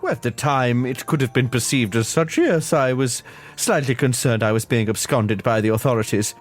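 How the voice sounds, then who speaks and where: Give me a prim, haughty aristocratic lady, played by a man at a tabletop game. She is clipped and superior, and her speech is lively in pitch. Faint music plays behind her. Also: normal speed, lightly acted.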